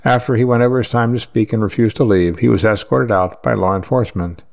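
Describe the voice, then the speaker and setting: A man reading news articles aloud in a steady, measured way, with the odd slip. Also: lowish voice, vocal fry. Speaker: news reader.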